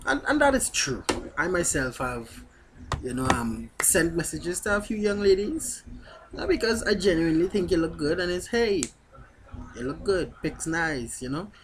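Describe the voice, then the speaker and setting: A man's voice: sits high, lively intonation, normal speed, noisy background. A man vlogging in a blunt, candid way, speaking straight to his viewers. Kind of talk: casual talk to camera.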